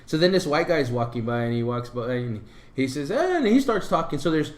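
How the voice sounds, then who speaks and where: Animated storytelling man, echoey room. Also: mid-range voice, fairly quick. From Puerto Rico. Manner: animated storyteller, acts out quoted people loudly. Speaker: podcast co-host. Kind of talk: casual storytelling chat.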